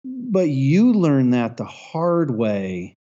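A man's voice: mid-range voice, wildly swooping pitch, extremely slow, warm tone. A man hosting a casual chat, thoughtfully adding to a point. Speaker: podcast host. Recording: dull lo-fi audio.

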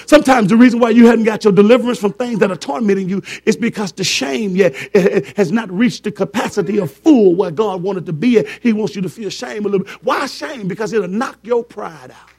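A man's voice: high voice, brisk, hardly any pauses, darkish tone, slightly rough. A man preaching a fervent sermon, repeating words for emphasis and joking with his congregation.

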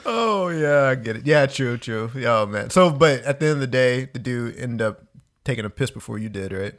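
A man's voice: medium pitch, expressive, normal speed. Male co-host, laid-back and teasing, keeps saying "dude". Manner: teasing, says "dude" constantly. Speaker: podcast co-host. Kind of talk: casual chat.

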